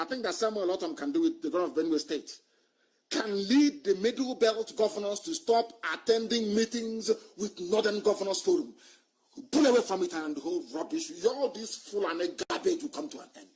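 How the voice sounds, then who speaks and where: A man giving an impassioned live broadcast address as a movement leader, fiery and scornful, swinging between loud outbursts and low muttering. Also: slight background noise.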